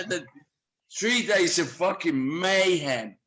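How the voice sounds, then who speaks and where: A man telling wild anecdotes in a casual conversation, animated and swearing freely. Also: on the high side, fairly quick, echoey room. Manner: animated storyteller who swears often. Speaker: musician guest.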